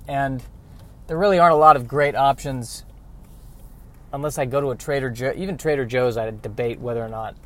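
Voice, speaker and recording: A man's voice: mid-range voice, fairly bright tone, low-quality recording. A young man vlogging from his car, thinking aloud in a rambling, self-mocking way. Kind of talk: casual rambling vlog.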